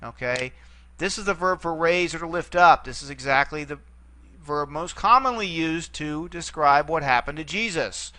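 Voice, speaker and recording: A man teaching a recorded lesson, patiently explaining and slowly repeating each word form, with many okays. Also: fairly high pitch, pushed and bright. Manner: frequent okay fillers, patient explaining. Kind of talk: recorded classroom lecture.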